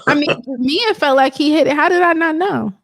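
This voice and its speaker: Woman co-host, high, dry close mic, animated casual chat. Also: brisk, gravelly, dry recording. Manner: animated, laughing, talks over others. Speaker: podcast co-host.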